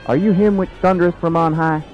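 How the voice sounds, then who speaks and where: A man's voice: a little high, fairly even intonation, fairly quick, muffled recording, faint music behind, lightly acted. An actor playing a suspicious, plainspoken backwoods man in a radio play, with folksy drawling talk. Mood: blunt.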